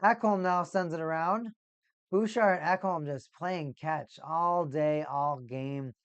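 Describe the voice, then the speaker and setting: With a clear, resonant, mid-range voice, this livestream host calls a hockey game slowly and casually for a watch party, getting loud whenever a big play comes. The recording is dry and lo-fi.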